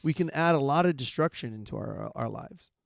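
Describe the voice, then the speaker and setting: A man co-hosting a faith podcast in casual chat, halting and searching for words, often agreeing with short interjections. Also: mid-range voice, lively intonation, vocal fry, no room sound. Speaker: podcast co-host.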